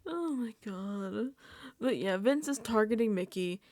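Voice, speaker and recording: A woman's voice: a little high, expressive, measured pace, a little mellow, no room sound. A woman vlogger giving a casual reality TV recap, laughing often and dropping into whispered asides. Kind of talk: casual recap and reaction commentary.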